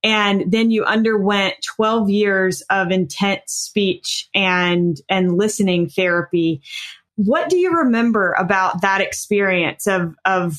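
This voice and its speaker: A woman's voice: medium pitch, slow pace, a bit bright. A woman interviewer asking questions in an admiring, engaged way.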